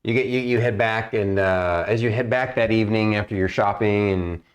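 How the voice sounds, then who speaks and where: A man narrating as game master of a tabletop game, relaxed and halting. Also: on the low side.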